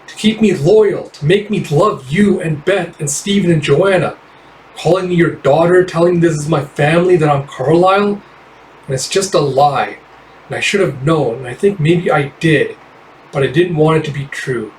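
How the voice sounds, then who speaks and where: A man voicing a young woman made in a lab, super-strong and deeply wounded, in a raised put-on voice, on a roomy, distant mic. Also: moderate pace, a little mellow, a little hiss or hum, lightly acted. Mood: hurt. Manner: raised-pitch put-on voice, emotional.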